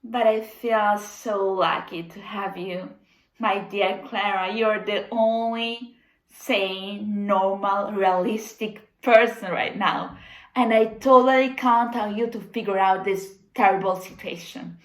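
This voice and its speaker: A woman's voice: medium pitch, fairly even intonation, slow pace, roomy sound, natural voice, rough recording. An actress playing a distraught young woman organizer who stammers in frantic, melodramatic despair, in a comedic video-call sketch.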